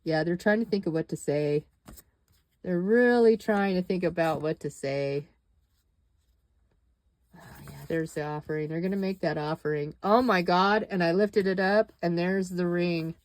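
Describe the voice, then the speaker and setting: A woman's voice: lowish voice, normal speed, a little mellow, no echo. A woman doing a tarot reading, musing and dramatic, with exclamations and sighs. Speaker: tarot reader.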